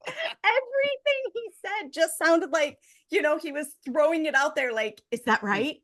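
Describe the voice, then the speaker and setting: A woman's voice: extremely high pitch, lively intonation, a little slow, a bit bright. A woman co-hosting a casual movie review podcast, joking and sounding incredulous as she comments. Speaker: podcast co-host.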